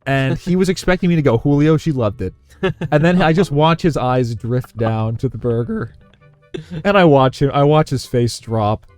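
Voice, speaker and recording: A man's voice: medium pitch, normal speed, smooth, no room sound, soft background music. A man telling a story in casual chat as a podcast co-host, acting out the people he quotes. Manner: animated storyteller who acts out quotes.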